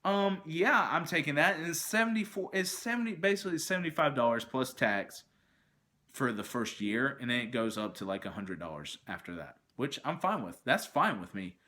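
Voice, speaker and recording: A man telling a ranting story about a long customer service call, animated and exasperated, acting out both sides of the conversation. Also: mid-range voice, moderate pace. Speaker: vlogger.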